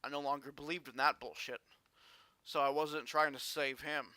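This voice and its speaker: A man vlogging a personal story in an earnest, halting way with frequent restarts. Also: fairly high pitch, steady tone, sharp tone, no room sound.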